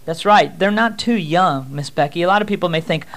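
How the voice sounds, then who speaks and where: A man's voice: high voice, brisk, a bit bright. A man teaching a ministry team how to pray for people, emphatic and repeating himself. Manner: emphatic, repeats "amen" and "first off".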